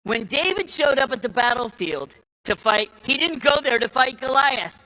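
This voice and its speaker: A man's voice: extremely high pitch, lively intonation, normal speed, bright, forceful tone, poor audio. A man giving a speech to a live audience, telling folksy stories with repeated restarts and acting out the voices he quotes. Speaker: speaker at a political summit.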